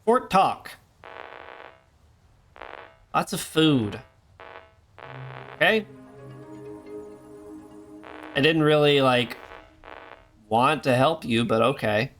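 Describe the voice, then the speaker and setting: A man's voice: medium pitch, slow pace, long pauses, fairly bright tone, soft background music. A man streaming a game, talking in rambling casual commentary full of jokey asides. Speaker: gaming streamer.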